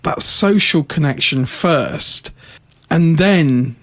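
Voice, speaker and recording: A man's voice: on the high side, expressive, slow, fairly bright tone. A male podcast host in casual chat, friendly and chatty, leading the guest along.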